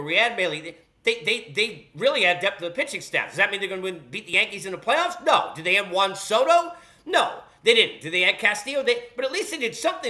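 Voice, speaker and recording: A male sports talk host rants on his own, sarcastic and scolding toward fans. His voice sits high for a man and swings widely in pitch. The tone is bright and forceful throughout. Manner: emphatic, animated delivery. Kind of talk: solo sports talk rant.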